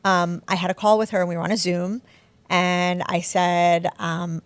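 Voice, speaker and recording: A woman in her forties, a guest author chatting in an interview, candid and self-deprecating, telling stories with lively energy. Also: on the low side, normal speed, clear, resonant tone, dry recording. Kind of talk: casual interview chat.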